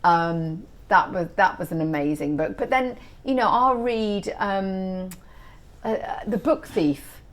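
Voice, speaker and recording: A middle-aged woman being interviewed as an author, telling stories in an animated, chatty way. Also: mid-range voice, slow pace. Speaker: author guest. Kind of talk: casual interview chat.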